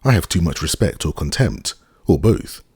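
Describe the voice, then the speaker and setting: A man's voice: sits low, sing-song, moderate pace, darkish tone, breathy edge, no room sound, studio quality, heavily acted. A man voicing a cold, sarcastic middle-aged husband in an audiobook, stiff and contemptuous. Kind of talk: audiobook character reading.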